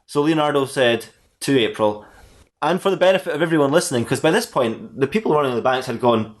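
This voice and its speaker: Podcast co-host, man, rambling comic storyteller with mid-range pitch. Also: expressive, quick pace. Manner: rambling, joking, laughing at his own story. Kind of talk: reading comic fan fiction aloud.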